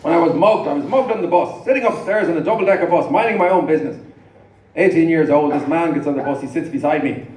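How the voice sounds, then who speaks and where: A man's voice: a little high, fast talker, a little mellow, slight background noise. A middle-aged Irish man doing a rambling stand-up routine, stammering into repeats as the audience laughs. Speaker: stand-up comedian. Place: large comedy venue with an audience. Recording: echoey live hall recording from far off.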